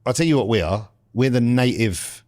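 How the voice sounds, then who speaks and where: A man's voice: mid-range voice, lively intonation, moderate pace, a little mellow, dry recording, studio quality. A man co-hosting a podcast, laddish and confident, calling everyone mate. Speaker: podcast co-host. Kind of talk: casual chat.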